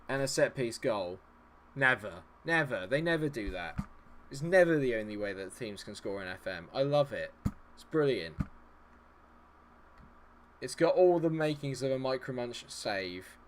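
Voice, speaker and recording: A man's voice: mid-range voice, fairly bright tone, a little hiss or hum. A man streaming his own game, commentating live, exasperated, swearing and talking at the players on screen.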